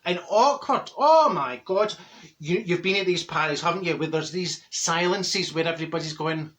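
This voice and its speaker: Brief: male actor as brash middle-aged Glasgow woman, Glaswegian accent, forceful bright tone, sardonic comic storyteller. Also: on the high side, normal speed, a little hiss or hum, close to an everyday voice. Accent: Glaswegian Scottish. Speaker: comic character monologue.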